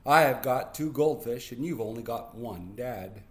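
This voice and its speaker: Fussy little boy who bargains hard, put on by a man reader, slow. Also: mid-range voice, lightly acted.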